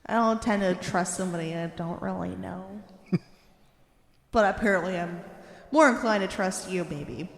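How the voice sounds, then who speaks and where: A woman's voice: fairly low pitch, moderate pace, creaky. A woman playing a tabletop game, speaking thoughtfully and a bit hesitantly. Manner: thoughtful, hesitant, uses fillers. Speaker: player. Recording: echoey room with reverb.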